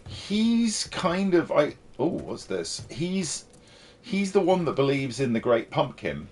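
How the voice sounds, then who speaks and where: A man's voice: fairly high pitch, very animated, slow pace, a little mellow. A man streaming a game, chatting casually in a playful, jokey, rambling way. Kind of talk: casual gameplay chat.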